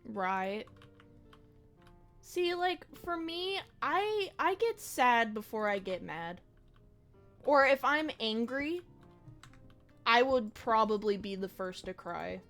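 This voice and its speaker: A young woman chats casually while streaming a game, rambling and reflective, with slang and swearing. Her fairly high, slightly bright voice has lively intonation, and she speaks slowly with frequent pauses over faint background music.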